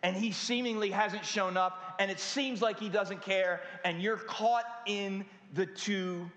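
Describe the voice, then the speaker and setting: High-voiced preacher in an echoing church. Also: male voice, fairly even intonation, a bit bright. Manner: dramatic, drawn-out pauses and rhetorical questions to the congregation. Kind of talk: sermon. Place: church sanctuary. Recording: echoey hall with long reverb.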